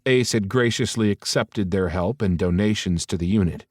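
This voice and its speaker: A man narrating a romance audiobook in a steady, even reading style. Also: lowish voice, normal speed, dry recording, clean studio sound.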